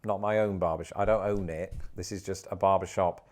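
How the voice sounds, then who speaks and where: Dry-witted British man, lowish voice. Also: steady tone, a little fast, darkish tone. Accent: British English. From Britain. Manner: dry, wry humour. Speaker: video presenter. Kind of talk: scripted comedic narration.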